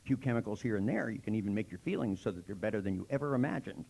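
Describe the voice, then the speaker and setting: A man leads a seminar in a gravelly, husky voice, rising and falling widely as he tells stories. He is blunt and profane, and he acts out the other people's lines. His tone is dark and mellow. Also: on the low side, lively intonation, very fast, low-quality recording. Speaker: seminar trainer. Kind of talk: storytelling seminar talk.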